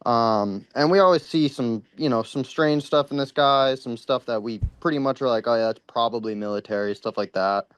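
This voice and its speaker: Smooth-voiced man rambling through a story. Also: medium pitch, moderate pace, hardly any pauses, dry recording. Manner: rambling, full of "like" and "you know," swears freely. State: a little worked up. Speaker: caller sharing a paranormal experience. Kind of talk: casual spoken storytelling.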